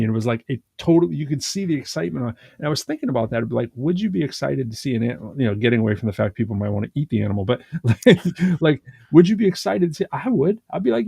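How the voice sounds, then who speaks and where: A man co-hosting a podcast, retelling a show in a rambling, animated way full of fillers and restarts. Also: fairly high pitch, fast talker, gravelly, few pauses, slightly rough, no room sound, studio quality. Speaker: podcast co-host. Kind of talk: casual conversational chat.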